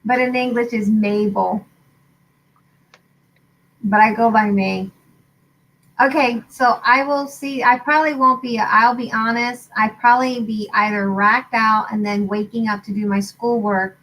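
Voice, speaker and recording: A woman's voice: on the high side, fairly even intonation, measured pace, a bit bright, slight background noise, low-quality recording. A woman from Puerto Rico chatting casually, explaining things at length in a friendly way. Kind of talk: casual chat.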